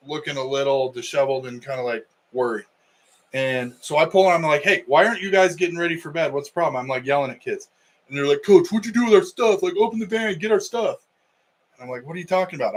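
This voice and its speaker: A man's voice: on the high side, a bit bright, low-quality recording. A middle-aged man, a wrestling coach co-hosting a podcast, telling a story in casual chat and acting out the quotes.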